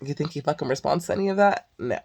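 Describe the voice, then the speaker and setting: A woman's voice: low-pitched, fast, creaky, a little mellow. Swearing, exasperated woman venting. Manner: heavy swearing, exasperated ranting; sighs and filler "like" often. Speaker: vlogger. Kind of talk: casual venting monologue.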